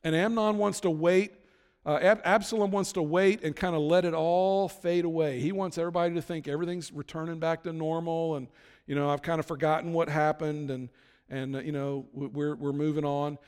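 High-voiced man preaching in a reverberant hall. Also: steady tone, brisk, darkish tone, clear, resonant tone. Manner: casual retelling with acted-out quotes. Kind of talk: sermon storytelling.

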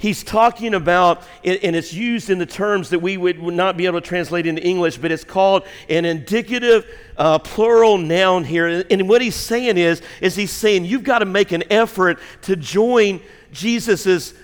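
Middle-aged male pastor, very high voice, blunt sermon, shouts then hushed near-whisper, reverberant church hall. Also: moderate pace, clean tone. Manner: blunt, provocative preaching with asides to the congregation. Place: church sanctuary.

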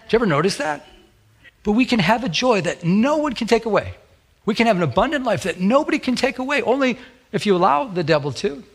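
Husky-voiced preaching man. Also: sits high, big pitch swings, fast. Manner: fervent, repetitive preaching cadence. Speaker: pastor. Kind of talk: sermon.

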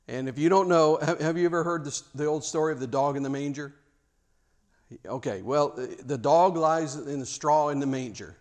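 A man's voice: on the high side, moderate pace. A man preaching a sermon, emphatic, with rhetorical questions and repeated words.

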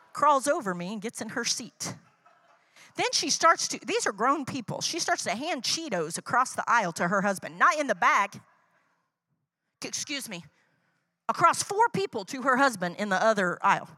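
A woman's voice: fairly high pitch, big pitch swings, moderate pace, long pauses, pushed and bright, no echo. A woman preaching a sermon through personal stories, talking conversationally, checking in with "right?" and acting out the dialogue she quotes. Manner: conversational, tags lines with "right?".

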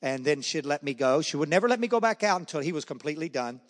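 In an echoey hall, a middle-aged man gives his personal testimony as guest speaker at a men's breakfast. He's a fast talker with a slightly high, expressive voice, telling stories and playing out the voices of the people in them.

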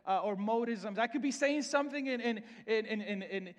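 High-voiced preacher with a Salvadoran accent. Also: male voice, moderate pace, long reverb tail. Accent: Salvadoran Spanish. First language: Spanish. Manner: repeats words often and restarts, conversational preaching. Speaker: pastor. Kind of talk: sermon.

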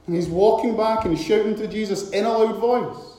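A man preaching a sermon, retelling a scripture story with animated, repetitive emphasis, recorded in a very echoey hall. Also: high voice, normal speed, few pauses.

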